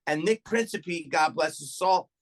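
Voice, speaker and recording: Profane, animated middle-aged male storyteller. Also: on the high side, measured pace. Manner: profane, animated anecdote telling with acted-out quotes. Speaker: guest comedian. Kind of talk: casual podcast storytelling.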